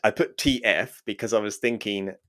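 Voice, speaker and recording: A man's voice: fairly low pitch, moderate pace. A man co-hosting a casual podcast, telling stories animatedly and often laughing. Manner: animated storyteller who acts out quoted voices and laughs often. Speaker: podcast co-host. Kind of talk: casual conversational podcast chat.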